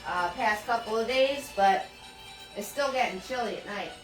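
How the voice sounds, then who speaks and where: A woman with a New Jersey accent who drops her R's, leading a live painting class, chatty and quick to laugh as she greets viewers by name. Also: a little high, soft background music, poor audio. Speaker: painting instructor.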